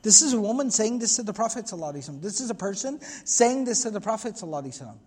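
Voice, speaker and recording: A man's voice: sits high, sing-song, very fast, a little mellow, husky, in a large hall. A man giving an earnest religious history lecture, explaining at length and quoting Arabic passages. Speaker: Islamic lecturer.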